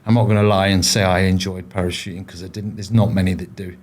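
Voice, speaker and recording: A man's voice: low voice, little pitch movement, fast talker, darkish tone. A man, a former paratrooper, telling his stories in a casual interview, rambling with frequent restarts and fillers. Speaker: podcast guest, former paratrooper.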